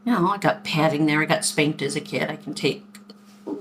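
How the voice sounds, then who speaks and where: A woman in her forties telling stories in a casual vlog, chatty and animated as she acts out what people said. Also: sits low, brisk, a little hiss or hum. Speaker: vlogger. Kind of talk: casual storytelling to camera.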